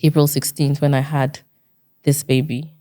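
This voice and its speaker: Woman, Nigerian accent, very low voice, earnest storyteller, interview guest. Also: flat delivery, normal speed, warm tone. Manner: earnest storytelling, repeats herself, acts out quoted dialogue.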